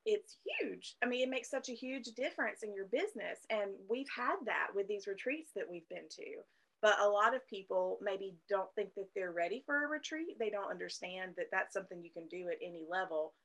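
A woman's voice: medium pitch, expressive, fairly quick, a bit bright, low-quality recording. A woman co-hosting a podcast, explaining plans in an earnest, conversational way. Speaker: podcast co-host. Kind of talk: casual podcast chat.

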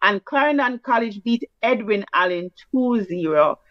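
A Jamaican-accented woman with a fairly high, animated voice co-hosts a sports show, chatting casually in a brisk, teasing, patois-flavoured way. The recording is dry, with a dull lo-fi sound.

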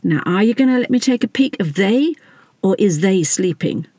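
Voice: mid-range voice, animated, normal speed, warm tone, no room sound, clean studio sound, lightly acted. A narrator doing a jolly, bold car park attendant. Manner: chirpy, bold.

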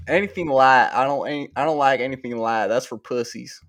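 A man's voice: medium pitch, a little fast, fairly bright tone. A man in casual podcast banter, laid-back and swearing freely.

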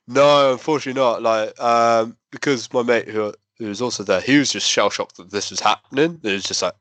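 A man's voice: medium pitch, a little fast, few pauses, a bit bright, no echo. A man telling a rambling, self-deprecating story in a casual chat. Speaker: podcast co-host.

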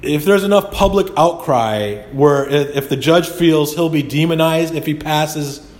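A man's voice: a little high, a little slow, a little mellow. A man hosting a podcast, talking in a rambling, indignant monologue full of restarts. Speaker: podcast host. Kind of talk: casual monologue.

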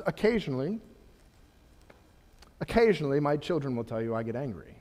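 A middle-aged man preaching a sermon as pastor, animated and rising to impassioned rhetorical questions. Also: medium pitch, a little fast, pauses often. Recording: long hall reverb.

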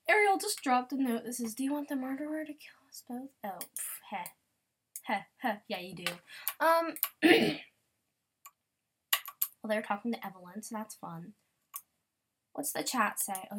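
A woman's voice: on the high side, slight background noise. Bubbly young woman rambling over gameplay. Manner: bubbly and rambling, with sudden excited squeals. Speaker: gamer podcaster. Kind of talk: casual gameplay commentary.

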